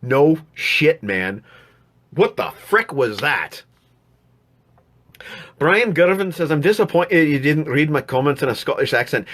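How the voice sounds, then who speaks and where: A man's voice: fairly high pitch, sing-song, measured pace, long pauses, fairly bright tone. A man hosting a live stream from home, chatting casually and rambling through viewer comments with many restarts. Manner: rambling, frequent restarts and fillers.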